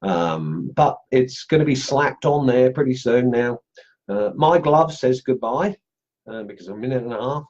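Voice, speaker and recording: A man's voice: medium pitch, expressive, normal speed, darkish tone, lo-fi sound. A middle-aged man hosting a live stream for a carving group, chatting casually with plenty of fillers and restarts. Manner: rambling, many fillers and restarts.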